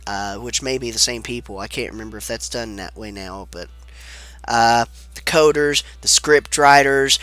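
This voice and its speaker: A let's play commentator with a mid-range voice that's bright and forceful, though he sounds sick, rambles in a laid-back way over a video game and swears casually. The recording is dry.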